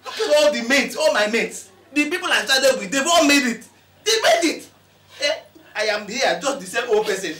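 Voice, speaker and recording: A man's voice: sits high, fairly quick, hardly any pauses, fairly bright tone, roomy sound, recorded from a distance. A man with a Nigerian accent playing a frustrated, mocking boyfriend who blames his partner for his bad luck. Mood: bitter. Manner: scornful, mocking, pleading sarcastically. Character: bitter, frustrated man blaming his girlfriend. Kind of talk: Nollywood film acting.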